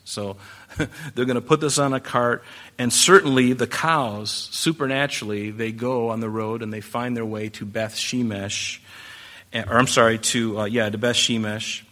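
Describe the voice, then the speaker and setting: A man's voice: medium pitch, fairly bright tone. A man preaching a conversational Bible-teaching sermon, with asides and rhetorical questions to the congregation. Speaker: pastor.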